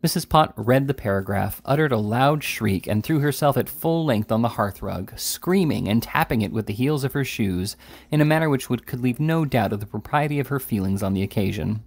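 A man with a husky voice reading a classic novel aloud, narrating and voicing the characters himself. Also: mid-range voice, lively intonation, fairly quick. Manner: reads all characters in slightly raised voices. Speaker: audiobook reader. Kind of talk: scripted narration.

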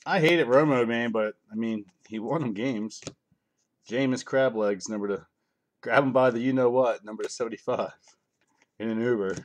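A middle-aged man with a medium-pitched voice talks at normal speed while running a live card break. He calls out cards and keeps up offhand, joking chat with his viewers.

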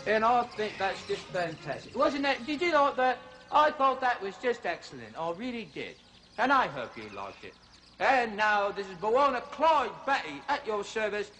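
Goofy high zoo guide, sing-song, music under. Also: male voice, sing-song, normal speed, sharp tone, full character voice. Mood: chirpy lecture. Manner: folksy lecturing, "you see", "mate". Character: zany zoo-show host Bawana Clyde, male.

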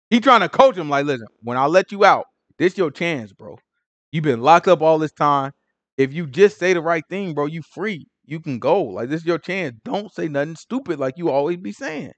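A man's voice: a little high, no room sound. A man leading a casual Bible study, retelling scripture in slang and acting out the characters' lines. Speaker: Bible teacher.

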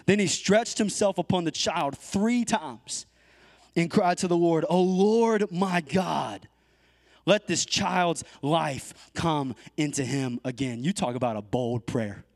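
Guest pastor, male, high-pitched, conversational delivery that swells to fervent emphasis, dry close mic. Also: slow, no echo. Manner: conversational, many "like" fillers, rising to emphatic. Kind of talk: sermon.

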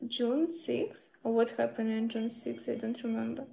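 A woman's voice: a little high, little pitch movement, normal speed, vocal fry, dark tone. A young woman live streaming, chatting casually with viewers in simple broken English and laughing often.

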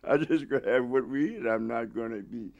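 A man's voice: medium pitch, brisk, vocal fry, darkish tone, lo-fi sound. A man in his nineties being interviewed at home, telling old stories with lots of restarts and chuckles. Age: 90s. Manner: rambling, with many restarts and chuckles. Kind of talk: storytelling reminiscence.

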